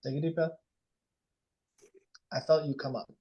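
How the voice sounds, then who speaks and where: Guy running a coaching workshop, goes quiet and slow when guiding, blunt, swears a lot. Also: on the high side, fairly even intonation, highs cut off. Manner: drops to a soft, slow, hushed voice when guiding reflection. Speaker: workshop leader and life coach. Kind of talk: guided group coaching session.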